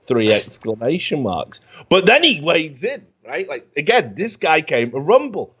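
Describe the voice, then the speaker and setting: A man's voice: on the high side, measured pace, slight background noise. Sarcastic man riffing on comments, muffled sound. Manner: animated, sarcastic, swearing freely. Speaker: host. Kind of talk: casual comedic commentary, reading comments aloud.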